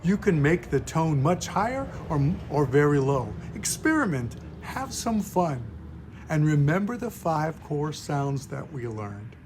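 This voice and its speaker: A man, a pastor, teaching puppet voices in a gentle, patient, step-by-step lesson. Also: on the high side, big pitch swings, unhurried, husky. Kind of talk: instructional video lesson.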